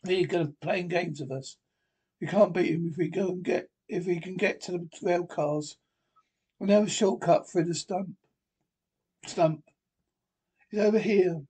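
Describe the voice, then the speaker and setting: Male solo reader, raised pitch and a breathy edge, performs every part of a tense script with urgency. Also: unhurried, long pauses, warm tone. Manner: urgent, acts out every character himself. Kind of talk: one-man reading of a film script.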